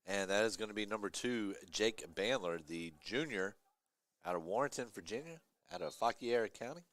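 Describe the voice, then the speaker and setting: A man's voice: on the low side, normal speed, no echo. Dry-sounding male sports announcer. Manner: excited on big plays, chatty between. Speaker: play-by-play announcer. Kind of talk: live sports commentary.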